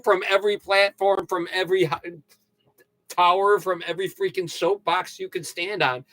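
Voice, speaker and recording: An older man hosting a casual livestream, ranting and joking with sudden loud outbursts. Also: high-pitched, fairly even intonation, normal speed, dry recording. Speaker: livestream host. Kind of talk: casual livestream rant and sign-off.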